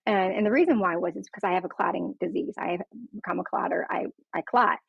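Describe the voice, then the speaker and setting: Fast, creaky and husky, this fairly low female voice belongs to a patient recounting her experience with frankness and sincerity. She acts out the people she quotes, and the lo-fi recording is dull and dry, with no echo.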